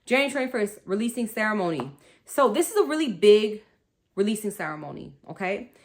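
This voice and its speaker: A woman's voice: medium pitch, sing-song, fairly quick. A woman hosting a spiritual wellness talk, chatty and rambling, laughing often and calling her listeners y'all. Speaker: spiritual wellness podcast host.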